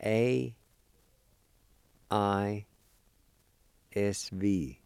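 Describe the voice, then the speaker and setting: In a dry recording, a man with a fairly low, creaky, smooth voice and a darkish tone draws out his words. He teaches a language on the radio, a slow Oklahoma lesson where he spells words letter by letter and repeats each syllable.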